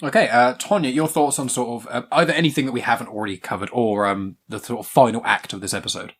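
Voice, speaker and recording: A man's voice: medium pitch, fairly even intonation, fast, a bit bright, slightly rough. A man hosting a casual chat, rambling and laughing often, with plenty of ums. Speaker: podcast host. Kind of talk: casual chat reviewing a show.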